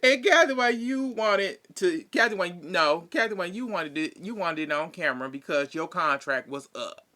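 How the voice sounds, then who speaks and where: A man's voice: high voice, expressive, normal speed, hardly any pauses, bright, forceful tone. A man giving a chatty, slangy recap in casual commentary, laughing often and adding sassy asides. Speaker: reality TV recap vlogger.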